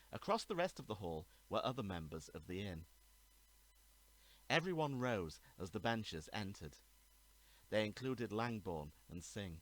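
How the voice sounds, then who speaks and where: A man, the author, reading his own murder mystery aloud in a measured, even narration. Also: fairly low pitch, rough recording. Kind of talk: storybook reading.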